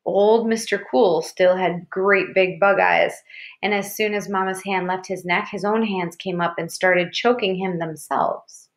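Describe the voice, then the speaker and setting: A woman reading a novel aloud in a steady storytelling manner. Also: medium pitch, a little slow. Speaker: reader.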